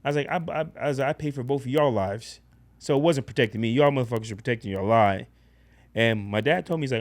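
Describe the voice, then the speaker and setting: A man casually telling a personal story in a blunt, profane, animated way as a podcast guest. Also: mid-range voice, fast talker.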